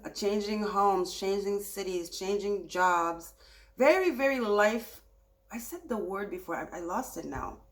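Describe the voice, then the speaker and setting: A woman giving a casual tarot reading, speaking softly and soothingly and turning animated when she gets excited. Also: lowish voice. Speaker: tarot reader.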